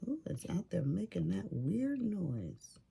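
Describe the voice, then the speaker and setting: A woman's voice: fairly low pitch, sing-song, slow pace, creaky, mellow, breathy edge. A woman chatting casually while she crafts, telling stories about her family and neighbors with sassy asides. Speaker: craft vlogger.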